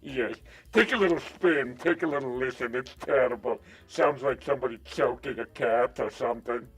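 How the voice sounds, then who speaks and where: A man's voice: medium pitch, normal speed, fairly bright tone, slightly rough, soft background music. A man calling into a live show, panicky and insulting. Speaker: caller. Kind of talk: comic bit over a call.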